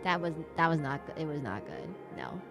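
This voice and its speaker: A woman's voice: deep voice, brisk, creaky. A woman streaming a video game, chatting casually and ranting in a playful, overdramatic way, with faint game music under her voice. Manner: animated, playfully overdramatic rants. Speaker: VTuber streamer.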